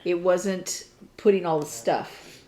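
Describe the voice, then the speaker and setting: A woman's voice: fairly low pitch, steady tone, slow, mellow, low-quality recording. A middle-aged woman co-hosting a crafting chat, rambling a little and hesitant as she recounts things. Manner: rambling, hesitant, with fillers and laughs. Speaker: crafting podcast co-host. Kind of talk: casual chat.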